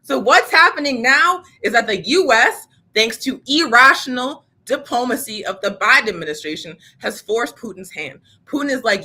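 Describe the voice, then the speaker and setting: A woman's voice: on the high side, animated, normal speed, hardly any pauses, bright, forceful tone, husky. A woman co-hosting a political news show, speaking casually and passionately, with sarcasm and lots of fillers. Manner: fiery and sarcastic, casual with frequent "like". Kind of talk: impassioned political commentary.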